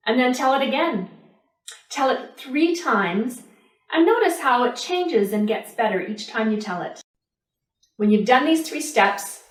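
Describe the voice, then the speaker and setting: Slow, expressive woman storyteller. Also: a little high, echoey room, recorded from a distance, rough recording. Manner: rhythmic, repetitive, expressive. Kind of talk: children's storytelling.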